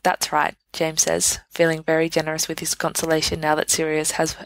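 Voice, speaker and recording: Low, gravelly woman reading aloud. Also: completely flat delivery, a little fast, dry recording, poor audio. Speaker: podfic reader. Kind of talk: reading fan fiction aloud.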